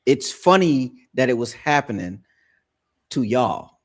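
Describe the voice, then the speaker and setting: Brief: laid-back male panelist, mid-pitched, conversational. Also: big pitch swings, unhurried. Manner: laid-back, conversational, repeats words when starting. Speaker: panel member. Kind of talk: casual opinion talk.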